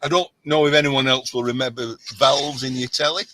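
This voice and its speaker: A man's voice: medium pitch, steady tone, fairly quick, bright, forceful tone, no room sound, rough recording. A man hosting a casual livestream chat, rambling and jokey as he gets a little tipsy. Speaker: host.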